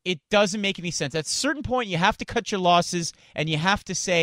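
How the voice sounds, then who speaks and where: A man's voice: high voice, animated, a little fast, few pauses, a bit bright, dry recording, clean studio sound. A man hosting a sports radio show, ranting with indignation and stumbling over repeated words. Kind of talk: heated sports talk radio rant. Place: radio studio. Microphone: studio microphone.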